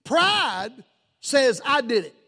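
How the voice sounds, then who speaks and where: A man's voice: extremely high pitch, very animated, takes it slowly, bright, forceful tone. A man preaching a sermon as pastor, folksy and emphatic, with lots of repetition. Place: church sanctuary. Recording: long reverb of a large hall.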